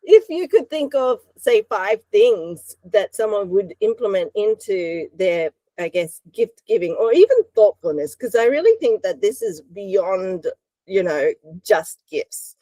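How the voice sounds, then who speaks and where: Woman host, mellow voice, dry close sound, kinda thoughtful and slow to find words. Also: mid-range voice, animated, no room sound, poor audio. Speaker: podcast host. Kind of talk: casual interview chat.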